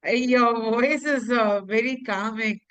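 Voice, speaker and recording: Woman host asking slow questions, lots of uhs, smooth clear voice. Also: fairly high pitch, fairly bright tone, dry recording, rough recording. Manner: hesitant, full of uh fillers, polite. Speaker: interviewer, host. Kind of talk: online interview.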